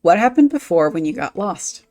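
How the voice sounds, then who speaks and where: A woman's voice: fairly low pitch, sing-song, moderate pace, warm tone. A woman voicing a chatty little floating female companion, reading game dialogue aloud.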